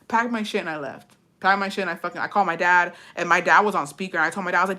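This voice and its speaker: A woman's voice: medium pitch, racing. A young woman telling a story in a casual vlog, swearing freely and acting out the voices of the people in it. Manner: profane, animated storytelling, drifts into Spanish words.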